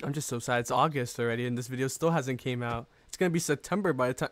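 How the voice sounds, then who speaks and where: A man giving casual, rambling commentary over his own gameplay, excitable and quick to mock his own mistakes. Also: mid-range voice, no room sound. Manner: excitable, self-mocking, rambling. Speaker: gaming YouTuber.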